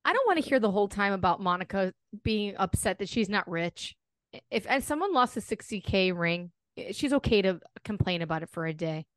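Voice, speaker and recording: A woman co-hosts a podcast, chatting bluntly about reality TV with casual swearing. Her voice sits at a middle pitch and is recorded close and dry. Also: lively intonation, brisk, no room sound. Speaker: podcast co-host.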